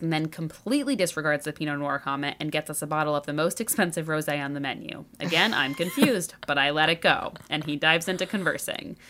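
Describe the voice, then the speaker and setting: A woman's voice: sits low, pushed and bright. A woman from Chicago, a podcast host telling a dating story in chatty casual talk full of "like" fillers. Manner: chatty, lots of "like" fillers and laughter.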